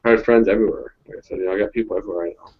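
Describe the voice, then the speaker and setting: Guy, lowish voice, swearing and rambling through stories; muffled lo-fi audio. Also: fairly even intonation, rapid-fire. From Southern United States. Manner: profane, rambling storyteller with frequent restarts. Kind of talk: casual chat. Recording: dull lo-fi audio.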